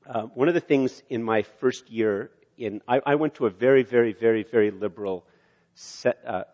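An older man preaching a sermon, acting out quotes and rising to loud emphasis. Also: medium pitch, moderate pace, muffled recording. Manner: animated, rises loud for emphasis, acts out quotes. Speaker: pastor. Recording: long hall reverb.

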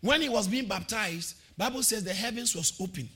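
A man preaching a sermon, exhorting listeners, repeating phrases and calling for shouts of response. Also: sits high, a little fast.

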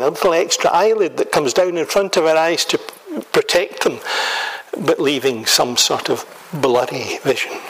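A man from Scotland preaching a sermon in a measured, emphatic way, building rhetorical lists and questions. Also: a little high, a bit bright, breathy edge, poor audio.

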